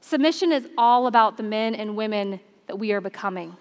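A woman in her thirties preaching a sermon in a church, conversational and expressive, reading scripture aloud between stories. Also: medium pitch, fairly quick, in a large hall.

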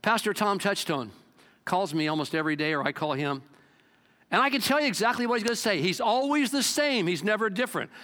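Pastor, male, high and bright voice, lively conversational sermon delivery. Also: fairly quick. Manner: animated, conversational preaching with swings in pitch and loudness.

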